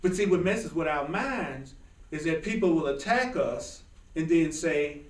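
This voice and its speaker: A man teaching a small spiritual class in an informal, animated way, often laughing and joking. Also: a little high, a little slow, roomy sound, far from the mic, rough recording. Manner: animated, laughing, jokey asides.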